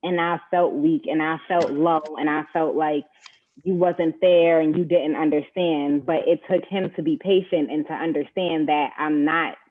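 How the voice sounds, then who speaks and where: A woman's voice: sits low, steady tone, normal speed. A woman speaking earnestly and reflectively about her own experiences in a candid discussion. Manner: earnest, reflective, openly personal. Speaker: panel guest. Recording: tinny phone-like audio.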